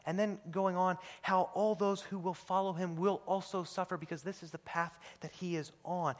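A man preaching a sermon as pastor, swinging between hushed low asides and loud emphatic declarations, and asking his listeners questions. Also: steady tone, normal speed, few pauses. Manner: questions the congregation, acts out biblical speakers. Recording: long reverb of a large hall.

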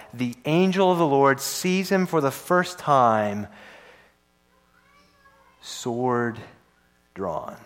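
A man preaching a sermon in a church service, telling a story in an animated way with playful asides. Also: mid-range voice. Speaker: pastor.

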